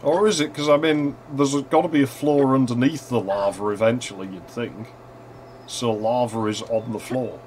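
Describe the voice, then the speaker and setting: A young man casually commenting on a retro game as he plays. He wanders into anecdotes, laughs at his own stories and swears freely. His voice sits at an ordinary middle pitch, with a faint background hum. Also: steady tone, normal speed, darkish tone. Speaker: gaming channel host.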